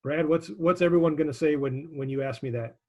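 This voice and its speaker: A man's voice: on the high side, a little fast, lo-fi sound. A male instructor coaching students through sales calls on a video call, direct and encouraging, with frequent restarts.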